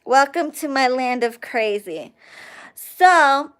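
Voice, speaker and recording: A young woman hosting a casual livestream, telling a profane, animated story and thanking chat viewers along the way. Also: high-pitched, slow pace, clear, resonant tone. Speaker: livestream host.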